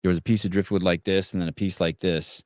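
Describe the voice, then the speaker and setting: A man with a fairly low, smooth and resonant voice hosts a live podcast. He swears freely, stumbles and restarts his words, and reads out comments from the chat. The sound is close and dry, with no room echo. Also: level tone, fast, a little mellow. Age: adult with children. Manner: blunt and profane, restarts words often. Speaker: podcast host. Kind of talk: casual live call-in chat, reading viewer comments.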